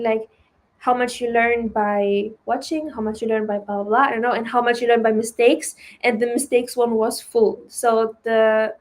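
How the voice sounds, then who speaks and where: A woman with a German accent, a non-native speaker of English, chatting loosely as she teaches trading on a live stream, with many fillers and "right?" tags. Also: on the high side.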